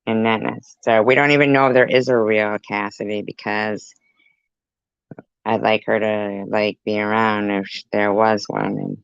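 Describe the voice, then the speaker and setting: A woman chatting on a livestream in an unhurried, drawn-out way, teasing her viewers crudely and breaking into laughter. The sound is dull and lo-fi, with a dry, close feel. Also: very deep voice, flat delivery, vocal fry, clean tone, dry recording. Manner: crude, teasing, laughing often, reacts to comments with disgust. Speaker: livestream host reading chat. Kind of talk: casual livestream chat.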